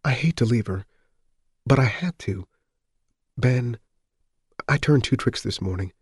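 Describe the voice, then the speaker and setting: A man's voice: mid-range voice, a little slow, breathy edge, no echo, clean studio sound, pitched above the performer's own voice. A man reading an audiobook voices a frightened, worn-out young mother who sounds wary and anxious on the phone.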